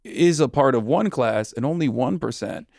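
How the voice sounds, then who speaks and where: A man as a podcast guest, talking politics in long, argumentative, winding sentences that slow down on key points. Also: mid-range voice, expressive, creaky, darkish tone, no echo, clean studio sound. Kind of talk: political commentary in conversation.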